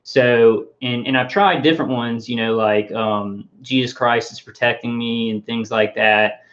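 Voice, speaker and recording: A vlogger addresses his viewers directly in a loose, rambling monologue, often stalling, repeating words and using fillers before restarting. His middle-pitched voice is steady and a bit bright. The audio sounds muffled and lo-fi.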